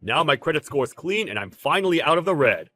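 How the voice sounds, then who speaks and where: An actor playing a brash, clueless ex-husband who gets defensive and whiny. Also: male voice, a little high, big pitch swings, a little fast, sharp tone, faint music behind, exaggerated voice. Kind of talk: audio drama acting.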